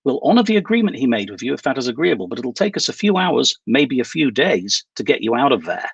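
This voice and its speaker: A man reading a novel aloud voices a calm, businesslike female handler giving instructions by phone. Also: mid-range voice, fast talker, gravelly, breathy edge, no echo, dull audio, full character voice. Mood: brisk.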